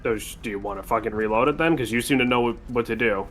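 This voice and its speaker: A man's voice: medium pitch, fast, a little hiss or hum. Sarcastic man commenting on a game. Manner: sarcastic, swears freely. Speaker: game streamer. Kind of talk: casual gameplay commentary.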